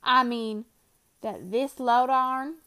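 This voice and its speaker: A woman's voice: fairly high pitch, takes it slowly. A woman doing a weary rustic trail man. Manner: rustic dialect, flat and reasoning. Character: weary frontier man, level-headed trail companion.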